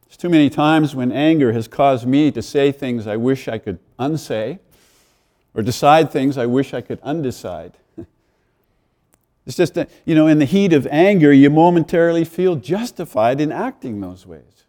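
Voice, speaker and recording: Guy preaching a sermon, kinda high but mellow voice, chatty asides. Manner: conversational preaching with asides and chuckles. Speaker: pastor.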